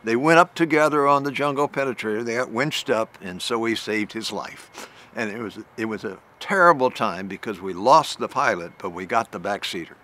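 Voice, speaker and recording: Speaking at a moderate pace, a retired general in his later years recounts a vivid story in a recorded talk. His voice is pushed and bright, climbing in pitch at tense moments as he restarts phrases along the way.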